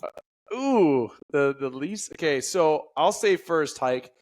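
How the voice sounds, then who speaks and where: A man's voice: a little high, lively intonation, slow pace, a little mellow. A man from Canada co-hosting a casual sports podcast, rambling through picks and tripping over his words. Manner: rambling, trips over words, laughs at himself. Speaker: podcast co-host. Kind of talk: casual chat.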